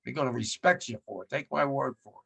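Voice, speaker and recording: Gravelly blunt man in his nineties. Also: mid-range voice, fast talker, pushed and bright. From United States. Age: 90s. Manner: blunt, emphatic, repeats his points with rising force. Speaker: war veteran speaker. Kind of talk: remembrance talk to students.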